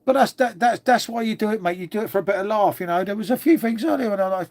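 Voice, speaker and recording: A man's voice: high-pitched, quick pace. A middle-aged man from England hosting a casual live stream, rambling on, swearing freely and calling everyone mate.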